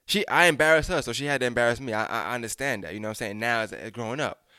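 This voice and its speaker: A man's voice: mid-range voice, very fast, pushed and bright, clear, resonant tone, no room sound, studio quality. A young man telling a personal story in a frank, casual way, swearing freely and speaking straight to his listeners. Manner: frank, profane, addresses listeners directly.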